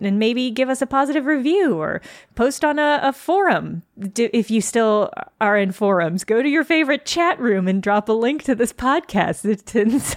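A woman wraps up her podcast in a friendly, informal way. Her voice sits a little high, recorded dry and close. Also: no echo. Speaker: podcast host. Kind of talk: closing outro.

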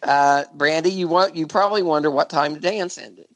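A man hosting a podcast, telling a true crime case in a casual, jokey way with frequent laughs and halting restarts. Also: on the high side, fairly bright tone, no echo. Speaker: podcast host.

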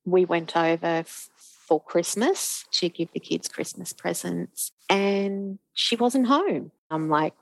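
A woman's voice: lowish voice, takes it slowly, gravelly, few pauses, dry recording, poor audio. A middle-aged woman, a guest telling her own story, acting out the voices of the people in it. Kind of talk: emotional personal storytelling.

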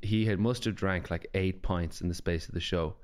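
An Irish man, a comedian co-hosting a podcast, telling stories in quick casual banter. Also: sits low, fairly even intonation, smooth. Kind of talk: casual chat.

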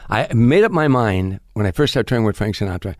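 An older man, a comedian guest in an interview, telling animated anecdotes and often restarting his sentences. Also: fairly low pitch, quick pace, no room sound, clean studio sound. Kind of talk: storytelling in an interview.

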